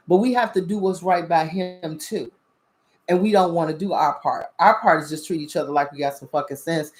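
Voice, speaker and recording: Blunt, profane woman preaching. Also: fairly low pitch. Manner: blunt, profane, preachy, keeps asking "you understand?". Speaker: spiritual talk show host. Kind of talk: casual spiritual commentary.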